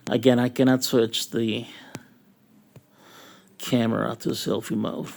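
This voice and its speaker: A man's voice: mid-range voice, flat delivery, takes it slowly, creaky, a little mellow. A tipsy man from northern Mexico, rambling through a profane, filler-heavy nightlife story. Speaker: nightlife vlogger. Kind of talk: rambling drunk review monologue.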